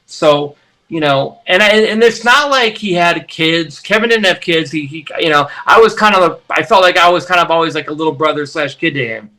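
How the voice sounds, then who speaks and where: A man's voice: fairly high pitch, fairly quick. A man in his forties, a musician guest, telling road stories casually and acting out the quotes. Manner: animated storyteller, acts out quotes. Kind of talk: casual interview storytelling.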